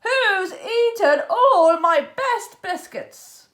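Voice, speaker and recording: Storybook pirate captain, furious and booming, loud lines, played by a woman reading aloud. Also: sing-song, very slow, exaggerated voice. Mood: angry. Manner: loud bellowing outbursts. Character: blustering grumpy male pirate captain. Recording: echoey room.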